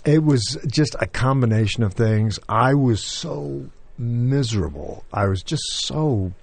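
A man's voice: mid-range voice, animated, measured pace, vocal fry, no room sound. An older man from England, now with an American accent, telling stories in an interview with many fillers and restarts. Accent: General American. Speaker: interview guest. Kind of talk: conversational interview.

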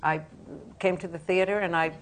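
An older woman on a panel recalls stage nerves in a candid, earnest way. Her voice sits low for a woman, and she pauses to find her words. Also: fairly even intonation. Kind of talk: casual anecdote telling.

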